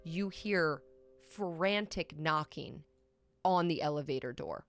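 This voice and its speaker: A woman runs a tabletop role-playing game as its game master. She narrates slowly and deliberately, pausing on ums. Her voice sits low, with faint music underneath. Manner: slow, measured narration with frequent ums.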